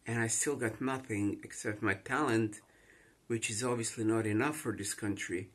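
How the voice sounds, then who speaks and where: A man's voice: on the low side, normal speed. A man with a Croatian accent, distressed, rambling and repeating himself in an emotional confessional vlog monologue. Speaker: vlogger.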